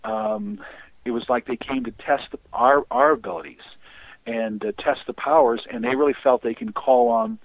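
A man telling long stories in an interview, rambling and halting with many restarts. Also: fairly high pitch, very animated, creaky, no room sound. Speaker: guest on deliverance ministry. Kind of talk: storytelling interview talk. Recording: tinny phone-line audio.

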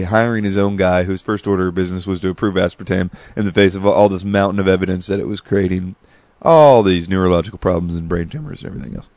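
A man's voice: fairly low pitch, no echo. A man telling meandering stories in a casual, chatty monologue full of asides. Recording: dull lo-fi dry recording.

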